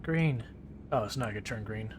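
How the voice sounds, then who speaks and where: A man's voice: on the low side, moderate pace, background noise. A man casually chatting with his live-stream viewers while driving in a game, rambling and laughing easily. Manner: talks to chat while driving.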